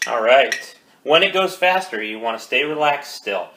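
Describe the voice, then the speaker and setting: A man teaching a drum lesson, counting beats aloud and coaching calmly. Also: medium pitch, moderate pace. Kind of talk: instructional rudiment lesson. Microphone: phone. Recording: echoey room with faint noise.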